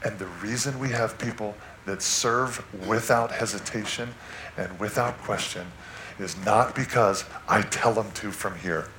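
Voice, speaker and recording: A man preaching a sermon, telling a personal story with animated swings from loud to hushed. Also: fairly low pitch, a little slow, roomy sound, noisy background. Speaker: guest preacher. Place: church sanctuary.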